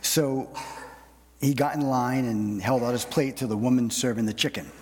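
A male pastor preaching a sermon, often repeating words and pausing with fillers as he speaks. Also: mid-range voice, steady tone, darkish tone, big-room sound, slight background noise. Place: church sanctuary.

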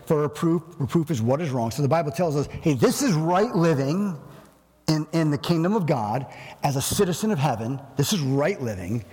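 A male pastor preaching a sermon in an animated way, acting out everyday scenes with humor. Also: on the high side, moderate pace, breathy edge, big-room sound.

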